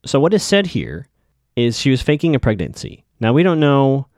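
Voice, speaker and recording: A man talks through a TV episode in a loose, chatty podcast recap, and his pitch swings a lot as he goes. The sound is dry and close, with no room echo. He throws in skeptical, opinionated asides. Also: big pitch swings, moderate pace, darkish tone. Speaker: podcast host.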